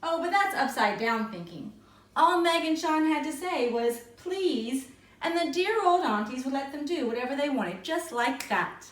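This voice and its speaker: A woman teacher reads a picture book aloud, in an expressive, lilting storytelling style. Her voice sits fairly high. The room echoes, and the mic is a fair way off. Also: moderate pace, far from the mic.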